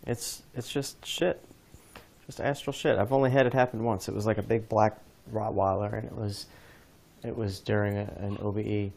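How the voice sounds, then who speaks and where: A man's voice: on the low side, fairly even intonation, normal speed, creaky, darkish tone. A man hosting a podcast, telling a rambling story in casual chat with many restarts. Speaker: podcast host.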